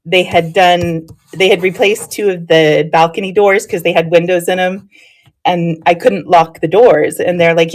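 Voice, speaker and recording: A woman's voice: fairly low pitch, steady tone, moderate pace. Chatty woman streamer telling stories. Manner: chatty, storytelling, laughs often. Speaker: live streamer. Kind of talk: casual chat with live viewers.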